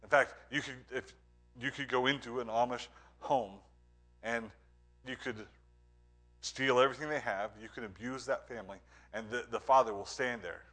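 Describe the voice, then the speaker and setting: A man preaching a sermon as pastor, earnest, moving between emphatic points and hushed, quiet lines. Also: mid-range voice, fairly even intonation, moderate pace, long pauses.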